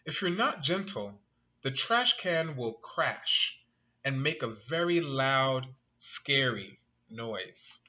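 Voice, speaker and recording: Patient, kindly storybook raccoon, read by a man, gentle and bright. Dull lo-fi sound. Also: mid-range voice, very animated, slow, full character voice. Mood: explaining.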